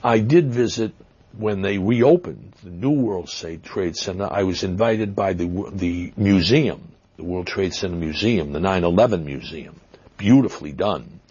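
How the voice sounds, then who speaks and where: An interview guest from Massachusetts speaks with a Boston accent, his deep voice husky and a little mellow. He answers haltingly, full of fillers and restarts, and leans hard on certain words. The lo-fi recording sounds dull.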